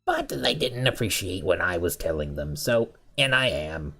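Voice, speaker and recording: A man's voice: low voice, very animated, normal speed, vocal fry, fairly bright tone, breathy edge, faint music behind, heavily acted. Man putting on a fawning little goblin prisoner. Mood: boastful.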